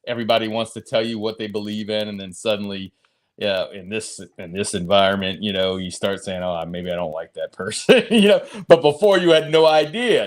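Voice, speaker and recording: A man in casual podcast chat with an ordinary middle-pitched voice. He reasons things through in a measured, reflective way and laughs often. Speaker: podcast co-host.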